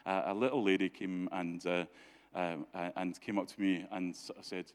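A man's voice: low voice, flat delivery, moderate pace. A man telling stories in a church talk, chatty, often laughing, with many restarts and fillers. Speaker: church speaker. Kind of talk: anecdotal storytelling talk.

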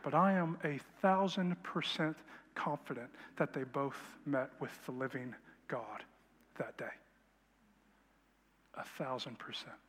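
A man telling a testimony story in a sermon, animated and then dropping to quiet intensity. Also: mid-range voice, slow, long pauses, breathy edge. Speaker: preacher. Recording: long hall reverb.

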